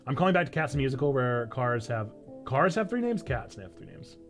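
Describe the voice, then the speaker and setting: A pastor from Illinois with a Northern Illinois accent, chatting casually on a livestream and answering chat in a playful, self-mocking way. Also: male voice, mid-range voice, big pitch swings, fairly quick, soft background music. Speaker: pastor and streamer.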